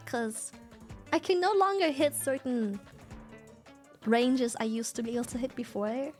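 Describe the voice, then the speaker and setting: High-voiced sick young woman streamer. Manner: candid, swears freely, explains with vocal demos. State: sick, slightly hoarse. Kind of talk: casual stream chat.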